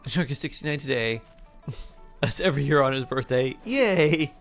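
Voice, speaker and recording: A man with a mid-range, animated voice talks at a normal speed while streaming a game. He chats casually and stays laid-back, reading chat aloud and humming and scatting to himself between remarks. Faint music plays in the background.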